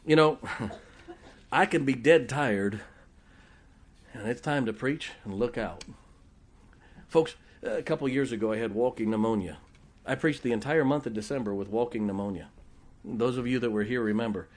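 A man's voice: medium pitch, normal speed, long pauses. Folksy storytelling male pastor. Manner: folksy storytelling, joking with the congregation. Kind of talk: sermon with personal stories.

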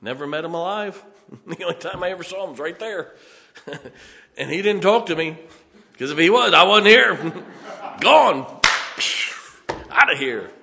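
Man, preacher, sermon, folksy, chuckling, bright tense tone, slightly high voice. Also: moderate pace, creaky, pauses often, big-room sound, slight background noise. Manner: folksy, chuckles often, keeps checking on the congregation.

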